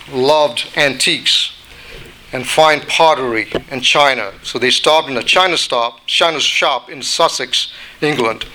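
Brief: bright-voiced man stumbling a little through a devotional read-aloud. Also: medium pitch, slight background noise, rough recording. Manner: halting, frequent restarts and fillers. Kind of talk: reading a devotional story aloud.

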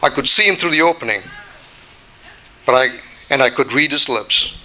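Brief: man voicing a patient, long-suffering teacup in a storybook parable, bright clear tone. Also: medium pitch, lively intonation, normal speed, poor audio. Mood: recounting. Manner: plain storytelling read-aloud delivery. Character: little china teacup, once ordinary clay, long-suffering.

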